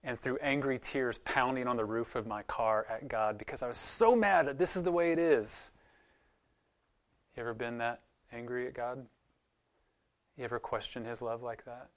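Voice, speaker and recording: A man's voice: medium pitch, normal speed, pauses often. A male pastor giving a sermon in a conversational, earnest way, often putting questions to the congregation.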